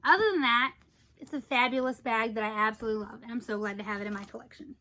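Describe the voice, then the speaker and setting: A woman chatting through a casual product review vlog, gushing about her collection with playful asides and quick self-corrections. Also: fairly high pitch, sharp tone, low-quality recording.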